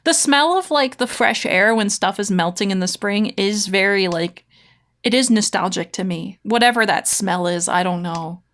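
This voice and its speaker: A woman's voice: mid-range voice, normal speed, fairly bright tone. A woman streamer chatting casually with her viewers, giggling often and rambling between silly mouth sound effects.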